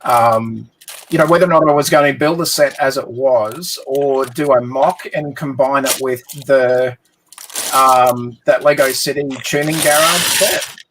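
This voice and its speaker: A man's voice: medium pitch, a little slow, fairly bright tone, slight background noise. A man with an Australian accent, a guest on a live stream, chatting in a friendly, laid-back way with hesitant ums and restarts. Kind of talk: casual live stream chat.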